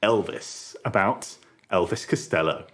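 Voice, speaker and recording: A man's voice: low-pitched, measured pace, a bit bright. A man co-hosting a podcast, chatting casually and playfully going along with the jokes. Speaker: podcast co-host. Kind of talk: casual chat.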